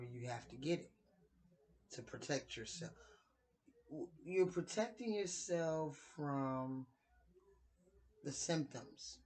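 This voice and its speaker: A woman in her late thirties sharing her opinions in a casual vlog, speaking in a deliberate, conversational way with playful dramatic asides. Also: rumbling low, darkish tone, poor audio. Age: 30s. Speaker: vlogger.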